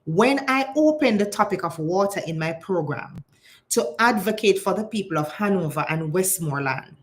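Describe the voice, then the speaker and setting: A woman's voice: on the low side, expressive, moderate pace. Impassioned Jamaican woman commentator. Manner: impassioned, switches between patois and standard English. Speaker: political commentator. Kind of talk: casual vlog commentary.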